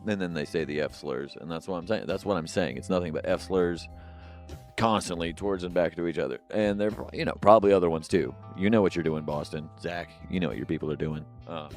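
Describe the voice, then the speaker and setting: Over soft background music, a man with a low voice talks fairly quickly while co-hosting a podcast on his own. He rambles casually, cracking jokes and filling his speech with fillers and asides. He's using headphones and a studio mic.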